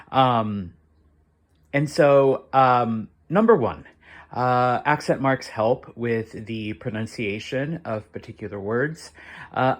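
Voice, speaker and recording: A man teaching a Spanish lesson to students, halting with many fillers and often checking in with "okay?". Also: fairly low pitch. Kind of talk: classroom lesson explaining to students.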